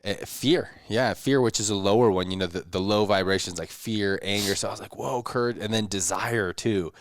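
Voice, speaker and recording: A man co-hosting a podcast in casual chat, laughing easily and getting animated when telling stories. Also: fairly low pitch, a little fast, no room sound. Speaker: podcast co-host.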